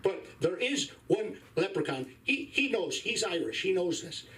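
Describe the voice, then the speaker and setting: A man's voice: sits high, big pitch swings, moderate pace, fairly bright tone, distant mic. Profane stand-up comic in his fifties. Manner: crude, profane, wry storytelling. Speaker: stand-up comedian. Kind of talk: stand-up comedy set. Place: comedy club stage, live.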